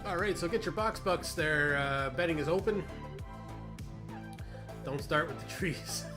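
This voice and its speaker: A man's voice: on the high side, measured pace, over music. A man streaming a sim race, chatting and joking with viewers while he drives. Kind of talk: casual live-stream chat while racing.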